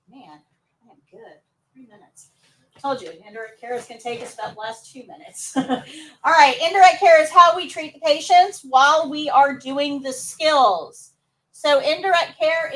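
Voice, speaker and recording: Female instructor, high voice, upbeat classroom teaching, mic set back from her. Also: a bit bright, recorded from a distance, rough recording. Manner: upbeat, coaxing students to answer. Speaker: nursing assistant instructor. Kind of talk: live classroom lesson.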